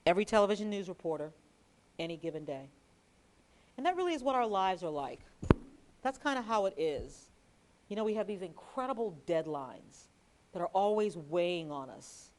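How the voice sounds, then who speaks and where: A woman author and TV news reporter giving a library lecture, telling lively anecdotes with chatty asides and reading from her book. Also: on the low side, normal speed, pauses often.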